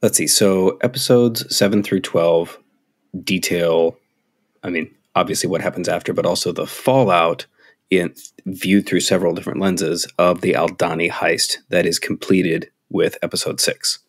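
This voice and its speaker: A man co-hosting a casual podcast, rambling through a recap with halting restarts. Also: low voice, steady tone. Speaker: podcast co-host.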